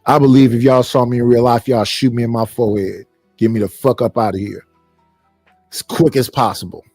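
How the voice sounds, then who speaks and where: A man's voice: mid-range voice, steady tone, a little fast, a little mellow, no echo, faint music behind. Blunt, profane middle-aged man ranting. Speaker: stream host. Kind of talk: casual live-stream rant.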